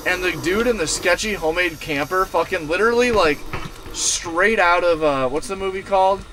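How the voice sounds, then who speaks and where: Man, streamer, casual storytelling, swears a lot, rambling, slightly high voice, faint background hiss. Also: normal speed. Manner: profane, animated, rambling with many fillers. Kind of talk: casual storytelling to a live chat. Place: inside his camper van.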